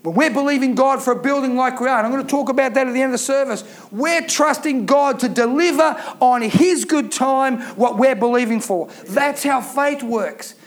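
High-voiced pastor preaching fervently. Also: male voice, moderate pace, hardly any pauses. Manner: fervent, emphatic preaching with repeated phrases. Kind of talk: sermon.

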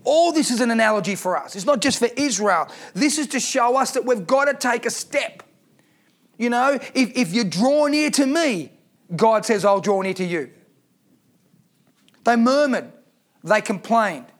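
A man's voice: extremely high pitch, animated, a little slow. A man preaching a sermon as pastor, reading scripture aloud and asking the congregation rhetorical questions.

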